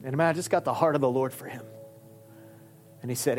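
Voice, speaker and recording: A male pastor preaching a sermon in a conversational, animated way, with emphatic peaks. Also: mid-range voice, fast, soft background music.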